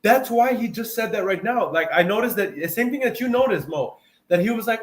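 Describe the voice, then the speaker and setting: A man hosting a live video call, coaching in a casual, animated way and repeating phrases for emphasis. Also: high-pitched, a little fast, hardly any pauses, echoey room. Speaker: host and sales coach.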